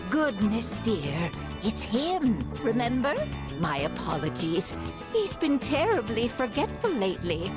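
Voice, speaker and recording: A soft-spoken old shopkeeper's wife. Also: female voice, fairly high pitch, sing-song, over music. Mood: apologetic. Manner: soft, apologetic, slow. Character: gentle elderly woman, shopkeeper's wife. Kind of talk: video game voice acting.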